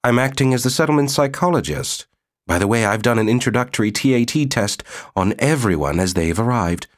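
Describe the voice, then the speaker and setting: A man's voice: mid-range voice, animated, brisk, voice pushed up, natural voice. A man voicing a skinny, pedantic male colony psychologist with a clinical, lecturing manner.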